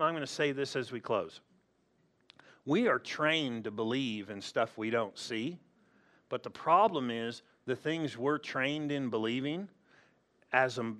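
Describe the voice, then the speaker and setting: A man's voice: mid-range voice, fairly bright tone. A male pastor preaching a sermon in a humorous, storytelling way, acting out the people in his stories.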